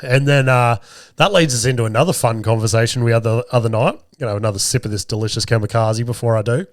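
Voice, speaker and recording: A man's voice: mid-range voice, fast talker, no echo, clean studio sound. A man in his thirties with a strained, sore throat, rambling through a profane, self-mocking story as a podcast host. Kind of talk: casual storytelling monologue.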